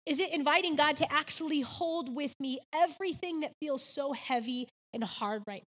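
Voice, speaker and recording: A woman in her thirties speaks in a high, bright voice, giving a heartfelt faith devotional. She tells her story earnestly and drops in casual "like"s. A long reverb hangs behind her words. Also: moderate pace.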